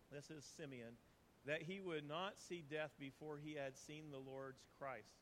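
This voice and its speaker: A man's voice: fairly high pitch, measured pace, a bit bright, a little hiss or hum. Earnest man preaching a sermon. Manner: earnest, reads scripture aloud, conversational asides. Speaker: pastor.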